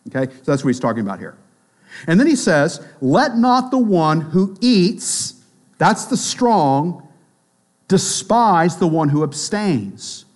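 A man preaching a sermon in a conversational way, often checking in with the listeners and acting out the voices of people he quotes. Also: high-pitched. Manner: conversational preaching with frequent tag questions; acts out quoted voices of both sides. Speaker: pastor.

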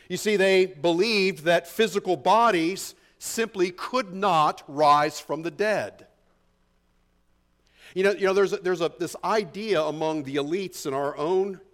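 A pastor preaching an expository sermon in a conversational, emphatic way, often asking the congregation rhetorical questions. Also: male voice, fairly high pitch.

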